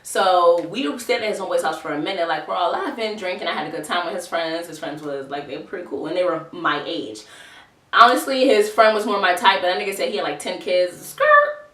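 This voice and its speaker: A woman's voice: lowish voice, fast talker, fairly bright tone. A woman in her twenties telling a storytime vlog in a chatty, profane, slangy way. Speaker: vlogger. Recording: roomy echo, distant mic.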